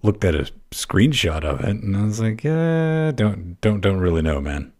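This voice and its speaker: A man's voice: deep voice, normal speed, a little mellow. A man co-hosting a casual gaming podcast, laid-back and drawling, swearing casually. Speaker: podcast co-host. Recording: remote voice chat.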